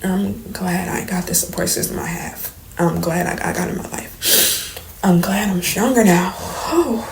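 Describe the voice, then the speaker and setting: A young woman tells a painful story to her viewers, her voice soft and shaky as she fights back tears. Her tone sits fairly low, with a gravelly edge, and it often falls to a near whisper. A faint hiss runs underneath. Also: little pitch movement, normal speed, low-quality recording. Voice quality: soft, trembling at times, drops to near whispers. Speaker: vlogger. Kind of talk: emotional storytime confession. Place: indoors, late at night.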